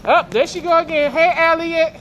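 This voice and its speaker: This man's voice is very high-pitched and fairly bright, with fairly even intonation and a moderate pace, captured in lo-fi sound. He's vlogging casually in an indoor supermarket, joking with and teasing strangers as he shops, with noisy store sounds behind him.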